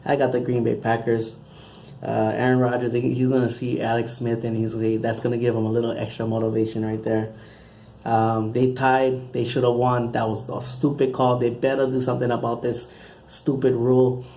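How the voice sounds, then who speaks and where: A man with a mellow, warm tone talks casually, rambling and restarting his sentences as he goes. A faint hum of noise sits under his voice. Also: medium pitch, monotone, moderate pace. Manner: rambling, conversational, frequent restarts. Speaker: channel host giving football picks. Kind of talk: casual spoken predictions.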